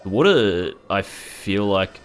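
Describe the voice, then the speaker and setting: A man's voice: low-pitched, very animated, takes it slowly, soft background music. A young man chatting casually and rambling while playing a game, swearing freely. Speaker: gaming streamer. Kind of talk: casual gameplay commentary.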